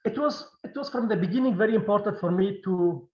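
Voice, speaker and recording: A man who speaks Kurdish as his first language, a film director answering questions in a halting Q&A, restarting and repeating words often. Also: high voice, roomy sound, dull audio. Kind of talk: Q&A interview.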